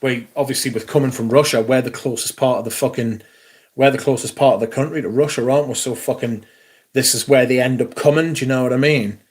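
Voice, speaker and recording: A man's voice: medium pitch, steady tone, fast, husky. A man hosting a livestream, chatting casually in a sweary, rambling way. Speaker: fragrance livestream host.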